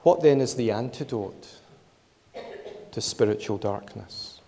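A man preaching a sermon in a measured, emphatic way, repeating his key phrases. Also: lowish voice, vocal fry, mellow, long reverb tail.

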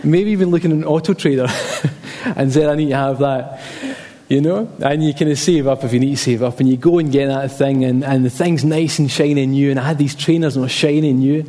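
A man's voice: on the high side, steady tone, fast, mellow, big-room sound. A man preaching a sermon emphatically, repeating key phrases and telling personal stories.

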